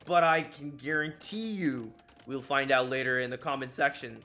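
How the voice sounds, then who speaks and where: A man's voice: mid-range voice, normal speed, sharp tone. A man giving casual commentary over his own strategy game match, laughing often and mocking his own mistakes as he rambles along. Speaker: gaming YouTuber.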